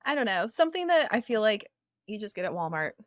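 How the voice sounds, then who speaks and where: A woman's voice: mid-range voice, sing-song, fast, no echo, clean studio sound. A woman co-hosting a podcast in casual chat, mostly giving short replies and teasing questions. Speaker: podcast co-host.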